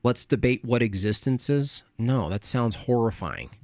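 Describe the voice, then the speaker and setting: A man's voice: mid-range voice, animated, a little slow, dry recording. A man on a live stream, reading his chat aloud and shooting back with combative mockery. His voice sits in a middle range and is recorded close and dry, with no room sound around it. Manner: mocking, combative, sarcastic.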